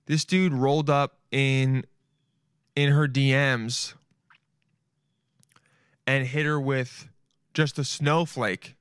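A man's voice: mid-range voice, fairly even intonation, slow pace, long pauses, fairly bright tone, clean tone, no room sound, studio quality. A young man hosting a podcast, riffing casually and animatedly, laughing often and slipping in slang like "dude". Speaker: podcast host. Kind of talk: casual solo podcast riff.

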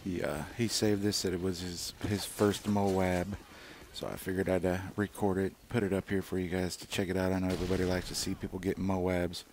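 A man's voice: low voice, little pitch movement, brisk, few pauses, a little mellow, slight background noise. A man casually commenting over gameplay footage, rambling and swearing freely, with lots of fillers and restarts. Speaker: gaming channel host.

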